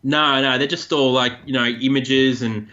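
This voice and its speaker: A man's voice: medium pitch, moderate pace, highs cut off. A man, co-hosting a podcast and chatting casually about odd news stories. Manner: chatty, animated storytelling. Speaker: co-host.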